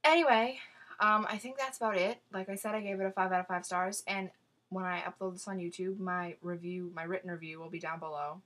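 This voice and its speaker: A woman's voice: fairly low pitch, fairly even intonation, a little fast, a bit bright. A woman gushing about a novel in a casual review to camera, talking freely with many fillers and restarts. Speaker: book reviewer.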